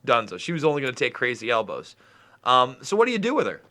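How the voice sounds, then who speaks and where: Lively bright-voiced man, casual podcast host. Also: mid-range voice, fast. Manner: animated, swears freely, laughs often. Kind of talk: casual sports chat.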